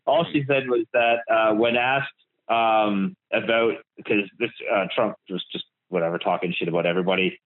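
A man's voice: on the low side, fairly even intonation, moderate pace. Giggly, hesitant man on a tinny line. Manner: giggly, hesitant, full of fillers. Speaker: podcast co-host. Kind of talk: casual chat.

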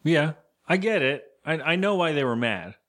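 A man co-hosting a podcast, recapping a film in loose, casual chat with quick quoted lines and some swearing. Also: a little high, expressive, fairly bright tone. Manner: loose and profane, retells scenes with quoted lines. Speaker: podcast co-host.

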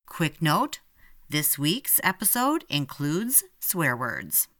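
A woman's voice: sits low, sing-song, slow pace, fairly bright tone, dry recording, clean studio sound. A woman hosting a podcast, reading a scripted introduction and promo in a polished way. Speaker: podcast host. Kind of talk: scripted narration.

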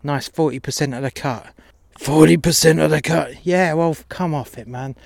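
A man's voice: a little high, moderate pace, vocal fry, a little mellow, no room sound. A man playing a crude, mocking pimp boss who swears constantly.

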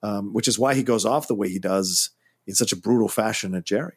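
A man's voice: fairly low pitch, fairly quick, breathy edge, dry recording. A man co-hosting a film podcast, giving opinionated, emphatic critique in casual chat. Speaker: podcast co-host.

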